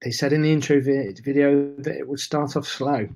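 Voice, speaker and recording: A man's voice: mid-range voice, flat delivery, moderate pace, a little mellow, soft background music. A man hosting a live webinar, chatting casually and greeting viewers by name, a bit nervous. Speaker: webinar host.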